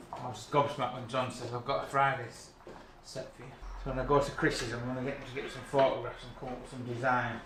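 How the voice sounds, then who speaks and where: A man hosting a car channel, chatting casually and excitably with a rambling, jokey manner in a garage. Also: medium pitch, background noise. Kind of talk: casual chat to camera.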